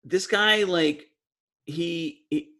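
A young man co-hosting a podcast tells a long, rambling story in casual conversation, cramming "like" into nearly every phrase. His voice sits on the high side and sounds bright and forceful, and he speaks extremely slowly.

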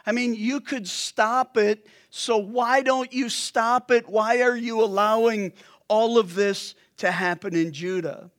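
Ancient prophet in a sermon retelling, angry and baffled, voiced by a man with a high-set voice. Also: steady tone, slow pace, fairly bright tone. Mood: exasperated. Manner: pleading, exasperated.

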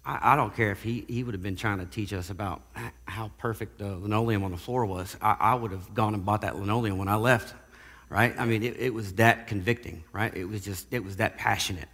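A man giving a casual spoken testimony, halting and often repeating words as he goes. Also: lowish voice, fairly even intonation, fairly bright tone, slightly rough, big-room sound. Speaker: guest sharing recovery testimony.

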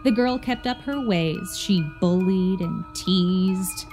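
A woman narrating a rhyming spooky poem in a measured, playful storytelling manner. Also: fairly low pitch, darkish tone, faint music behind. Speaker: poem reader.

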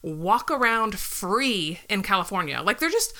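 A woman in her thirties telling stories in a casual chat, animated and laughing, acting out her own squeals. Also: medium pitch, a little slow, a crowd in the background.

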